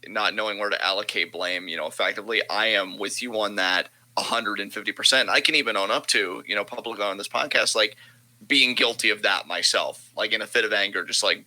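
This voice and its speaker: A man's voice: on the low side, sharp tone. A man co-hosting a podcast in casual chat, ranting emphatically and swearing freely. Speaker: podcast co-host.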